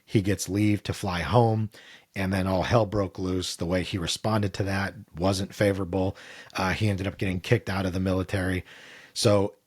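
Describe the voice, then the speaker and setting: A middle-aged man speaks in a deep, somewhat husky voice as a guest on an interview show. He tells his own story candidly and earnestly, slipping into the voices of the people he quotes. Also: level tone, normal speed. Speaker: podcast guest.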